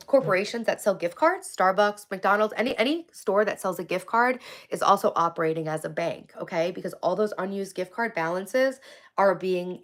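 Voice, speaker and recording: Woman streamer, slightly low voice, chatty, blunt, profane, warmly encouraging to her viewers. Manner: candid, rambling, swears freely; encouraging, affectionate toward viewers. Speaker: livestream host. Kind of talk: casual livestream chat answering viewers.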